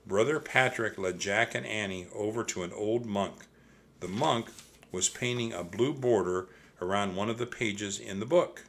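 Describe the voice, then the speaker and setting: A man reading a children's chapter book aloud as narrator, with expressive storytelling. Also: fairly low pitch, normal speed.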